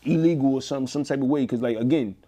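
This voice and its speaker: Slight background noise sits under this fast-talking, mid-range male voice. He's a former inmate from the Bronx with a New York accent, rambling casually through his story in an interview, full of fillers and restarts, and voicing other people's lines with animation.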